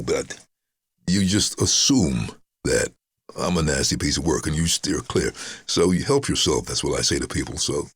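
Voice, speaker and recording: A man's voice: normal speed, breathy edge, no echo, studio quality. A middle-aged man, a voice-over artist telling stories in a casual interview and acting out the voices he quotes. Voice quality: deep baritone. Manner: storytelling, animated, acts out quoted voices.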